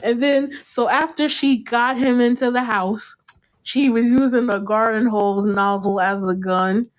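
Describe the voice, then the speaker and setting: A woman hosting a podcast, chatting casually about a TV show, animated and laughing often, with casual swearing. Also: fairly high pitch, unhurried. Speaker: podcast host. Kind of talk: casual chat recapping a TV show.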